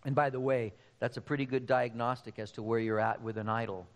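Male pastor, sermon, emphatic, direct address, mid pitch, long hall reverb. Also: little pitch movement, a little fast.

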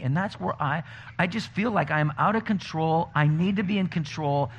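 Pastor preaching, slightly high voice. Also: male voice, normal speed, breathy edge. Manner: conversational, animated storytelling. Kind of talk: sermon. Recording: dull lo-fi recording with faint noise.

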